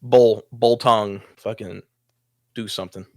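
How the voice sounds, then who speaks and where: A young man with a fairly low voice speaks unhurriedly in a dry, studio-quality recording. Co-hosting a podcast, he tells a story in casual, animated chat, swearing often and laughing mid-story.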